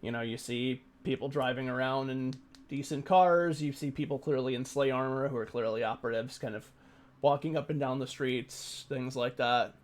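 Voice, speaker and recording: A man running a tabletop role-playing game as game master, narrating with many pauses and fillers. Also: mid-range voice, steady tone.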